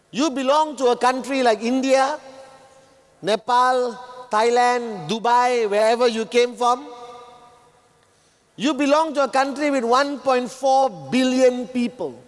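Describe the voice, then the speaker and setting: A man giving a motivational stage speech, emphatic and repetitive, sometimes shouting at the audience. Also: extremely high pitch. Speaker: motivational speaker. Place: large event hall. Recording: long reverb of a large hall.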